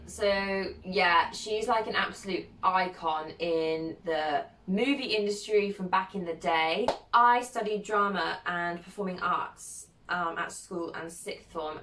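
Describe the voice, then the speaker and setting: A young woman, a content creator, chatting casually as she reads viewer questions aloud and answers them, giggling often and filling pauses with lots of ums. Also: lowish voice, fairly bright tone. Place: at home, sitting alone. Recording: roomy sound from a distant mic.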